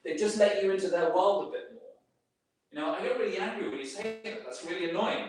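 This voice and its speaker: Soft background music accompanies a man speaking high-pitched and fast in an informal workplace talk. He rambles through plenty of fillers and restarts, and the mic sits far away in a very echoey space.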